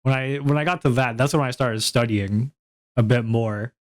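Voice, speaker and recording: A man streaming alone in easy, loose chatter, wandering between topics with plenty of self-mocking laughs. His voice sits at an ordinary middle pitch for a man, and he talks like a VTuber chatting straight to his viewers. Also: moderate pace. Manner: rambling and self-deprecating, laughs often. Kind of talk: casual solo stream chat.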